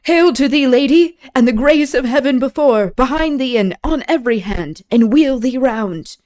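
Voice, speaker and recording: A woman's voice: sits high, animated, normal speed, a little mellow, voice pushed up. Courtly young male officer, gallant, projected reading from a woman reader.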